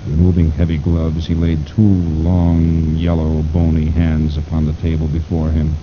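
A man's voice: level tone, moderate pace, few pauses. A man narrating pulp fiction aloud in a theatrical way, lingering on ominous words. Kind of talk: dramatic audiobook reading of pulp fiction. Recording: dull lo-fi recording with rumble.

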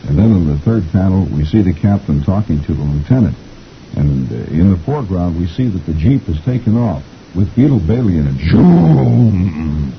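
A man's voice: sits low, big pitch swings, normal speed, gravelly, muffled recording, slight background noise. A middle-aged man hosting a chatty reading of the comics, folksy and rambling, chuckling often. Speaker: host reading the comics aloud.

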